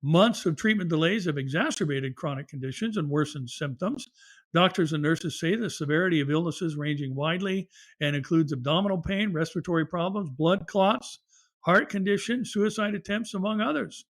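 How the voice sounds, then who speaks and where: A man's voice: on the high side, normal speed. A middle-aged man, a pastor hosting a news commentary show, who reads articles aloud with fillers and asides.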